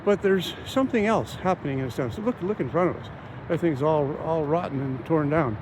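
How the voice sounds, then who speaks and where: Handheld camera in hand, a man narrates a travel vlog while walking outdoors through a small coastal town, rambling with lots of fillers and restarts. He sounds animated, his voice on the high side, and rushing water fills the outdoor background.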